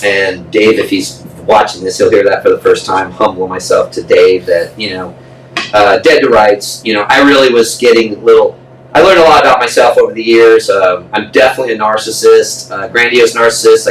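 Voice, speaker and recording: A man with a fairly low voice spins a blunt, profane yarn as a podcast guest, slipping into the voices of the people he quotes. He sits back from the microphone in a roomy, echoing space with a faint hiss of background noise. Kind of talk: casual storytelling interview. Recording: echoey room, distant mic, faint noise.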